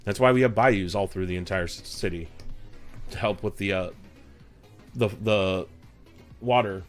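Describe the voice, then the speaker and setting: Low-voiced and unhurried, this Texan man chats casually on his live stream while music plays in the background. He's jokey and meandering, calling out viewers in chat by name.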